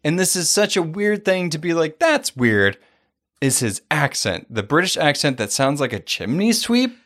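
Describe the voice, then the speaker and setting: Man, podcast co-host, animated, laughs a lot, voice jumps high. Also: normal speed. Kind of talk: casual chat.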